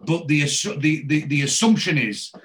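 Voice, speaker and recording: A man's voice: a little high, animated, moderate pace, a bit bright. Chatty man retelling a TV episode. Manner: chatty, rambling with restarts. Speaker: podcast co-host.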